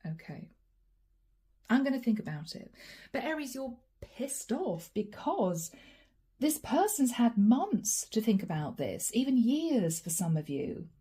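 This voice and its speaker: A woman reads tarot cards for her viewers in a soft, mellow voice and talks straight to the camera. She names each card as she turns it over and stops for sighs and small asides. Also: on the high side, very animated, measured pace, breathy edge. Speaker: tarot reader. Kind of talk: channeled tarot reading.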